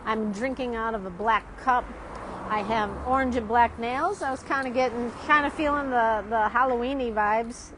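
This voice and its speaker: With a fairly high pitch and moderate pace, a woman vlogging as an art teacher rambles casually at an outdoor street café in the city. She laughs frequently and often tags her remarks with "right?", and the background is noisy with street ambience.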